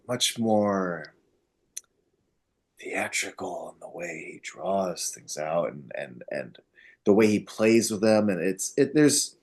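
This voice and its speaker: A man on a podcast, casually discussing a horror film with animated energy and loose swearing. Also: deep voice, takes it slowly. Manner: animated, swearing, quotes scenes in voices. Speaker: podcast host.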